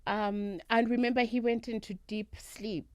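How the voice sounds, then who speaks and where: A South African woman tells her story as an interview guest, her voice sitting fairly high. She leans hard on words for emphasis. The sound is dry and close, as if from a studio microphone. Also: unhurried, no room sound. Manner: animated, emphatic retelling. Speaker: guest, traditional healer. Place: radio studio.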